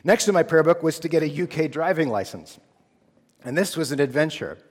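Heard through long hall reverb, a slightly rough, expressive voice pitched on the high side comes quickly. It belongs to a man in his thirties from the United States, a theology student giving his personal testimony in an earnest, easygoing narrative way.

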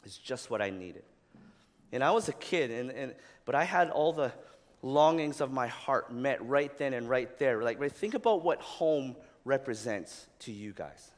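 A man preaching a sermon in a casual, conversational way, often tagging "right?" onto his points and growing loud and animated as he retells the story. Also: mid-range voice, unhurried, long reverb tail. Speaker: pastor.

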